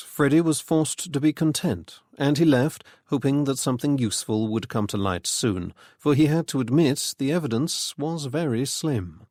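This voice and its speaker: A man giving a measured scripted narration of a mystery audiobook. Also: mid-range voice, darkish tone, no room sound, clean studio sound.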